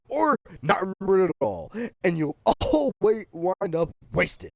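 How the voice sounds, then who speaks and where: A man with a high-set voice that leaps wildly up and down as he rants. He swears freely and bursts into shouts while streaming a game, casual and heated throughout. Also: sing-song, a little slow, gravelly, no room sound. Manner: heated, profane, often shouting. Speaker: gaming streamer.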